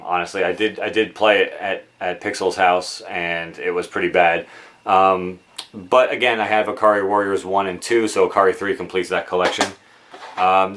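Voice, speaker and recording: A man with a somewhat low voice chats casually at home in his game room, speaking into a camera mic. His talk is relaxed and rambling, full of ums, uhs and restarts. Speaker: video game collector vlogger. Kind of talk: casual show-and-tell of game purchases.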